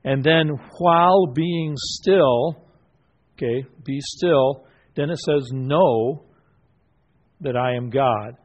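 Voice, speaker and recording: The recording is muffled, carrying a man's medium-pitched voice as he teaches a Bible study group. He asks questions, affirms answers, and speaks haltingly with many fillers and restarts.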